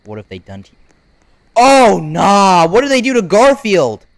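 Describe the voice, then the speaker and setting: Excitable gamer with a lively voice. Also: medium pitch, moderate pace, no echo, clean studio sound. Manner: excitable, reacts loudly to game events; casual slang-filled chatter. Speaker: gaming YouTuber. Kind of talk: unedited live gameplay commentary.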